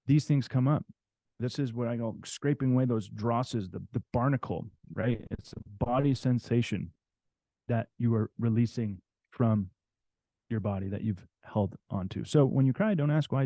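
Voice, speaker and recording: A man presents to a live audience in a warm, relaxed tone. He repeats his key phrases and keeps checking in with "okay?" and "right?". The recording is dry and close. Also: medium pitch, no echo. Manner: repetitive, coaxing, tag questions like "okay?".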